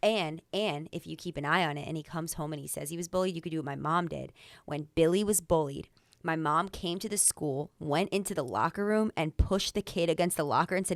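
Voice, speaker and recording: A young woman teases and chats casually as a podcast co-host. Her voice sits fairly low. It is recorded close and dry, with no echo. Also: brisk. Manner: playful, teasing. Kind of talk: casual chat.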